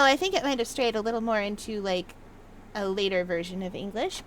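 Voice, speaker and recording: A woman's voice: mid-range voice, brisk, slight background noise. A young woman casually commenting as she plays a video game, playful and chatty, sometimes reading notes aloud in a mock old-fashioned manner. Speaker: gaming video host. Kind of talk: casual let's-play commentary.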